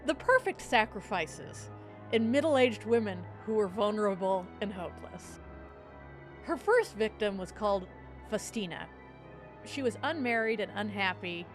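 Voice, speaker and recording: A woman co-hosting a podcast, casually telling a true crime story with frequent laughter and a playful tone. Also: medium pitch. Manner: animated, laughs often, tries a silly accent. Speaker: podcast co-host.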